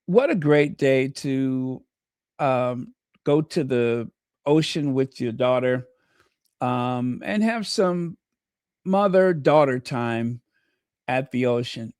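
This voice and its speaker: A man's voice: medium pitch, expressive, slow, darkish tone, clean tone, dry recording, studio quality. A man hosting a casual livestream, trading snarky gossip, thanking viewers and breaking into bits of song. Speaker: livestream host.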